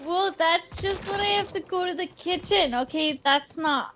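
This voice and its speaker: A woman's voice: very high voice, moderate pace, noisy background. A woman streaming live, chatting casually and giggling often while eating, sometimes talking with her mouth full. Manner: giggly and playful. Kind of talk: casual chat.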